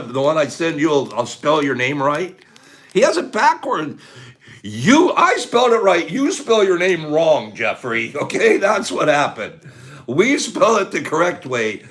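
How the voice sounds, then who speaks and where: Gushing, lively livestream host man. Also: on the high side. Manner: effusive, gushing, laughs often. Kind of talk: casual livestream chat.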